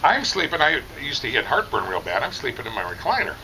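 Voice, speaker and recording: A middle-aged man telling a rambling, animated story, casually chatting outdoors at a barbecue competition. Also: mid-range voice, quick pace, background noise.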